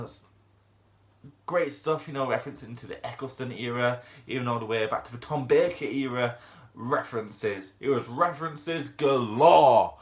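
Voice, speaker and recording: A man's voice: mid-range voice, a bit bright. A man giving a casual, unscripted review of a TV episode, chatty and rambling, with lots of fillers and restarts.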